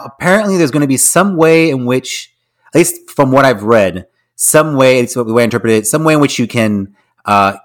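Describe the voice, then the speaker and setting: A man's voice: medium pitch, fairly bright tone. A man co-hosting a podcast, reading out the news in a rambling, hedging way with many restarts. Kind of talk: casual podcast chat.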